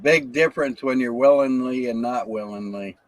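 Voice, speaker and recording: A man's voice: mid-range voice, moderate pace, no echo. A man hosting a casual livestream, easygoing and agreeable, chiming in with short replies. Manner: easygoing, agreeable, laughs often. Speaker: livestream host.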